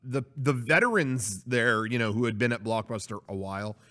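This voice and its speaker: A man's voice: medium pitch, normal speed, pushed and bright. A man co-hosting a casual chat show, rambling with lots of fillers and restarts. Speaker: podcast co-host.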